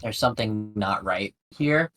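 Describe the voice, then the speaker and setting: A man playing a tabletop game, wary and deliberate. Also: on the low side, a bit bright. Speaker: player. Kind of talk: tabletop role-play.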